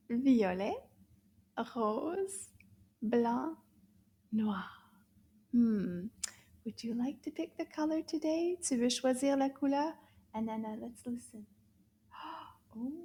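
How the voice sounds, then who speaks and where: Female teacher for small kids, middle-aged, dark mellow tone, breathy, theatrical gasps and half-whispered lines. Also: fairly high pitch. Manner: exaggerated, gasping, often half-whispered. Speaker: French teacher for children. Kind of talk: children's language lesson.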